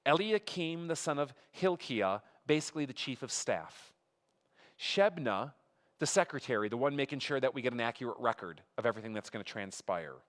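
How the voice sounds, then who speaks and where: A man's voice: medium pitch, expressive, fairly quick. A man giving a conversational sermon as a pastor, reading scripture aloud with emphatic rises and making asides to the congregation. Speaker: pastor teaching a Bible study. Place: church sanctuary. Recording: long reverb of a hall.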